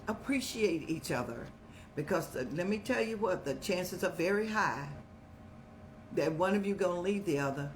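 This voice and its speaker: An older woman hosting a show, giving motherly, preachy advice in a folksy way and telling stories with lively rises in pitch. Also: slight background noise. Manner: folksy, preachy, calls listeners child; animated storytelling with rising pitch. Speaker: host answering viewer questions.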